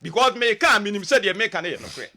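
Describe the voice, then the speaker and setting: A Ghanaian man on a live radio panel, arguing insistently and cutting in to repeat his point. He speaks fast in a very high, bright voice that swoops up and down. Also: sing-song. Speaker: panel guest. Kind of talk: heated radio debate.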